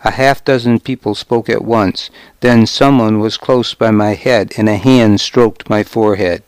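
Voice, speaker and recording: A man narrating an audiobook in the first person, dry and gruff. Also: lowish voice, fairly even intonation, a little slow, darkish tone, dry recording.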